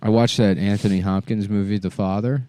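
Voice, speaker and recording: A man in his thirties co-hosting a comedy podcast, riffing through rambling absurd stories with a deadpan delivery. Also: lowish voice, brisk, smooth. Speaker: podcast co-host. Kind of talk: casual comedic chat.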